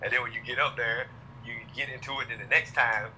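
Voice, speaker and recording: A man who is a musician guest talking casually in a relaxed, conversational way. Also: medium pitch, quick pace, a little hiss or hum, low-quality recording. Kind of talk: casual chat.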